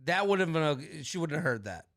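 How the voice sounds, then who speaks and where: A man in his thirties co-hosting a podcast in casual chat, telling animated stories and acting out his parents' lines. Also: a little high, brisk, a little hiss or hum. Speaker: podcast co-host.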